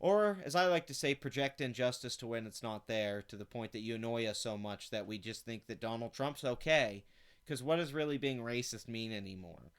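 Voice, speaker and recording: A man's voice: medium pitch, brisk, clear, resonant tone. A man hosting his own channel, ranting with contempt and heavy swearing as he reacts to an article he reads aloud. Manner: profane, contemptuous, sarcastic. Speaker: channel host. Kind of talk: angry commentary rant.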